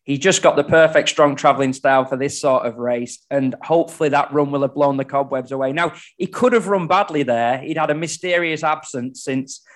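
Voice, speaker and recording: A man's voice: a little high, fairly quick, few pauses. A man giving casual, analytical horse racing tips on a podcast. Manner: chatty, fluent, analytical. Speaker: racing tipster.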